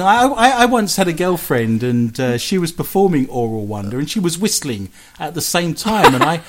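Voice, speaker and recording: A man's voice: on the high side, big pitch swings, moderate pace, few pauses, a little hiss or hum. A man hosting a radio show, trading cheeky, bawdy jokes with his co-host and laughing at his own lines. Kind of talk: bawdy comic banter.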